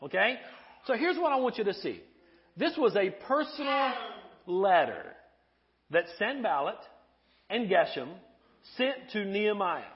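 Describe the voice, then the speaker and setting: A man preaching a sermon to a live congregation, animated and playful, asking the crowd questions. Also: high-pitched, unhurried, long pauses, highs cut off. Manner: playful humor. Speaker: pastor.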